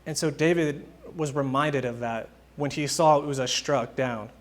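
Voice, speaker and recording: A young man with a mid-range voice delivers a casual, conversational sermon at a slightly slow pace. He tells stories in an informal, animated way, acting out the quotes as he goes.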